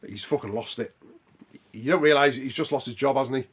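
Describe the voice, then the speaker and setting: A man's voice: medium pitch, a little fast, husky. A man co-hosting a podcast, swearing often as he retells film scenes with gusto. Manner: sweary, animated retelling with loud put-on voices. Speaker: podcast co-host. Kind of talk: casual chat.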